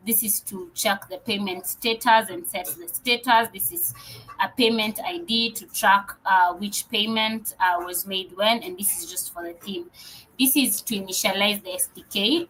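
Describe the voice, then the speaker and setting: A woman's voice: medium pitch, pushed and bright, rough recording. A woman developer relations presenter walking through code in a live coding session, explaining steps with frequent fillers and restarts.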